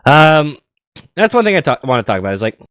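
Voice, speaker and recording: A man casting a live esports match, slightly hoarse, excitable and tripping over his words on a headset mic. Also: fairly high pitch, fast talker, no echo. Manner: excitable, stammering restarts. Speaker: esports caster.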